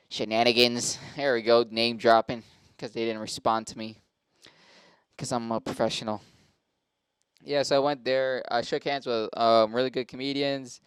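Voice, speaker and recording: A man's voice: mid-range voice, fairly even intonation, moderate pace, smooth, no echo. A man hosting a show and talking in a casual, rambling, profane monologue, often cutting himself off mid-sentence. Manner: profane, rambling, self-interrupting. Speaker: host and stand-up comic.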